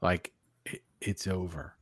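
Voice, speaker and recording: A man's voice: sits low, fairly even intonation, takes it slowly, husky, dry recording. A man co-hosting a podcast, chatting thoughtfully and adding background details with plenty of fillers. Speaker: podcast co-host. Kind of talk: casual podcast discussion.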